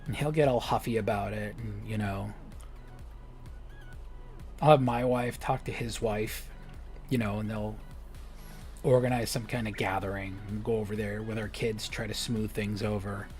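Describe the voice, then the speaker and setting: A young man chatting on a live stream at an ordinary middle pitch. He rambles through jokey stories and slips into whispered asides. Faint music plays quietly behind him. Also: steady tone, moderate pace, long pauses. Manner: rambling, joking storytelling, drops to a whisper for asides. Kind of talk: casual chat while streaming a game.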